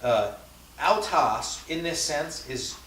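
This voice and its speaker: A man's voice: on the high side, animated, takes it slowly, fairly bright tone. A man teaching a language class in a conversational lecture style, often adding fillers and checking in with his students. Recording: echoey classroom from far off, faint hiss.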